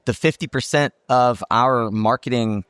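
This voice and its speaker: A man's voice: mid-range voice, a little slow, a bit bright, smooth, no room sound, studio quality. A man hosting a roundtable talk at a trade show, reflective and thinking aloud with many fillers. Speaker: podcast host. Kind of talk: roundtable discussion.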